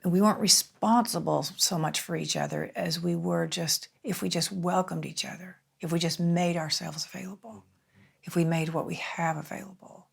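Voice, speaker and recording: A woman in her sixties, a singer-songwriter guest, telling stories in a relaxed, reflective dinner conversation. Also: fairly low pitch, normal speed, vocal fry, slightly rough. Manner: reflective storytelling, lively and animated.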